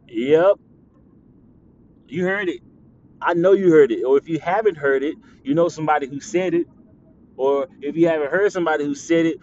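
Animated podcast host, teasing and laughing. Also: male voice, a little high, moderate pace, long pauses. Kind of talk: casual monologue podcast. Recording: slightly dull lo-fi audio with faint background noise.

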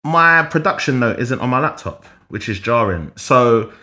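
A man's voice: medium pitch, lively intonation, normal speed, pushed and bright. A man co-hosting a podcast, bantering in a laid-back, slangy way about music. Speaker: podcast co-host. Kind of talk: casual live-stream podcast chat.

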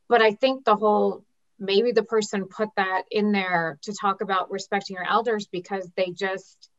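A woman's voice: medium pitch, fairly bright tone. Woman with muffled lo-fi sound. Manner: rambling, thinks aloud with restarts. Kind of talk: casual group chat. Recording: dull lo-fi audio.

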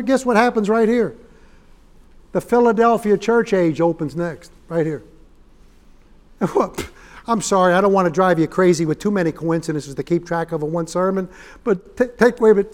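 A man preaching a fiery sermon in a church, folksy and swelling into loud emphatic bursts. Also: sits high. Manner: folksy, rising to shouted emphasis.

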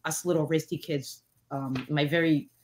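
A woman in her forties, a guest in a casual interview, telling stories with lots of fillers and lively quoted voices. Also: normal speed, slight background noise. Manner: animated, many fillers, acts out quotes in a higher voice. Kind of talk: casual storytelling chat.

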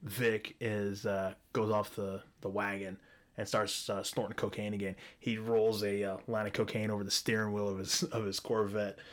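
A man's voice: on the low side, little pitch movement, normal speed. A man hosting a solo show, ranting bluntly and profanely, often restarting his sentences. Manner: frequent restarts and stumbles. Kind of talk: solo opinion rant.

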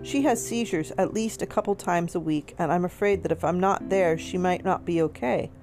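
A woman reading aloud, voicing a gentle, polite female service dog who speaks earnestly. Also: fairly low pitch, normal speed, close to an everyday voice. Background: soft guitar music.

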